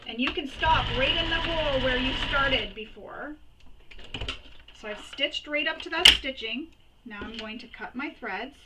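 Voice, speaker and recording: Higher-voiced woman explaining sewing steps. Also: heavy background noise. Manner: chatty, repeats and recaps steps. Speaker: sewing tutorial host. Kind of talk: step-by-step sewing tutorial.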